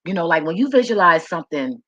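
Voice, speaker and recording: Low husky-voiced woman telling stories candidly. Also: lively intonation, fast, fairly bright tone, dry recording, rough recording. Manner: frank, profane, repeats words when emotional. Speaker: vlogger. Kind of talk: candid personal storytelling to camera.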